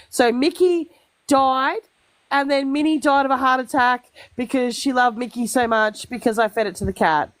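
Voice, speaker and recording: A woman's voice: high-pitched, moderate pace, no echo. An Australian woman guesting on a livestream, chatting casually and telling rambling stories with blunt, swearing asides into a phone mic. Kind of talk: casual chat.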